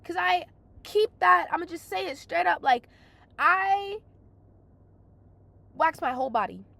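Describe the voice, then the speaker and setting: A young woman venting through a casual storytelling rant, exasperated and swearing a lot, her voice hoarse from crying. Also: very high-pitched, expressive, unhurried, pushed and bright, no room sound. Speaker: vlogger.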